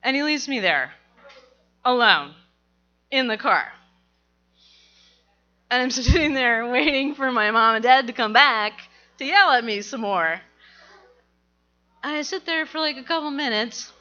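Woman spinning a story for a crowd, kinda high voice, laughs as she talks, dull lo-fi sound. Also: unhurried, long pauses. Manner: animated, laughing as she tells it. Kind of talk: telling a personal story to an audience.

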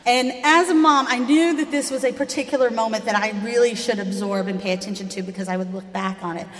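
A woman, telling a personal story live with a wry touch, sometimes dropping to a hush. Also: fairly high pitch, fast talker. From Southern United States. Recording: echoey hall with long reverb.

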